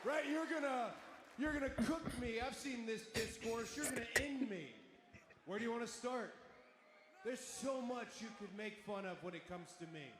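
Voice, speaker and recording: Wrestler at the mic, man with a high voice, emphatic taunting delivery, noisy echoey arena feed. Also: normal speed. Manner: mocking, emphatic, sometimes shouting. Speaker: pro wrestler cutting a promo. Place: large indoor arena. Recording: echoey arena broadcast audio with noise.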